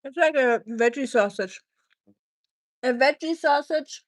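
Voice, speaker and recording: A woman's voice: sits high, measured pace. A woman from Germany with a German accent, chatting casually on a cooking live stream and reading viewer comments aloud.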